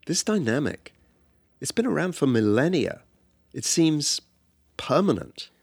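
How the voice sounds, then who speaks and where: A man with a British accent narrating a podcast in a measured, wry way. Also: on the high side, big pitch swings, vocal fry, slightly rough, no echo, clean studio sound. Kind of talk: scripted narration.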